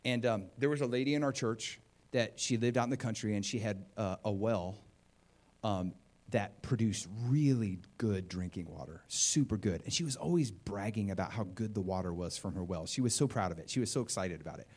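A male preacher delivering a sermon in a lively, chatty way. He talks to the congregation like a friend and often acts out the voices of the people in his stories. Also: fairly low pitch, a little fast. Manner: animated and conversational, acts out quotes.

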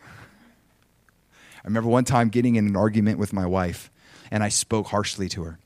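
A man preaching a sermon, telling a personal story with animated swings between loud emphasis and soft asides, often chuckling. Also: on the low side, normal speed, no echo, studio quality.

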